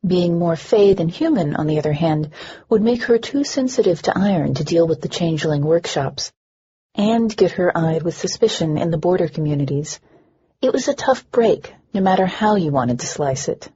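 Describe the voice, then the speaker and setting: A woman reads a first-person audiobook with a dry, wry edge. Her voice is low and breathy-husky. The recording sounds dull and lo-fi. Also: lively intonation, normal speed, mellow. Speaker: audiobook narrator.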